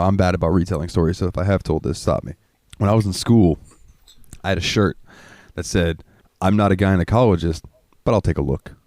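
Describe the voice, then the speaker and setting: A man's voice: low voice, a little mellow, no room sound. A young man co-hosting a podcast, telling crude stories in casual chat and laughing often. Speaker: podcast co-host.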